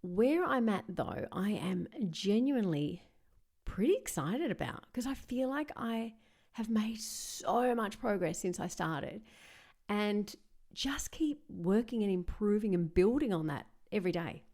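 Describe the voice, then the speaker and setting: A woman's voice: mid-range voice, lively intonation, a little slow, darkish tone. A woman hosting her own podcast and giving a candid, chatty, self-reflective update in a casual solo talk. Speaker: podcast host and voice-over artist.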